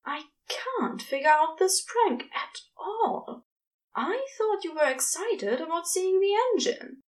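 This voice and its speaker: A woman's voice: very high voice, big pitch swings, slow, recorded from a distance, pitched above the performer's own voice, exaggerated voice. A woman voicing an anxious, fussy male angel who speaks in a prim, old-fashioned way. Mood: exasperated.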